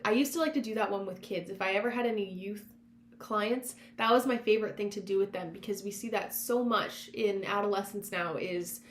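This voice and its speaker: A woman hosting a self-help podcast, talking in an encouraging, conversational coaching manner, drawing on her past work as a counselor. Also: medium pitch. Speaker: podcast host; former counselor. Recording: roomy echo with faint hum.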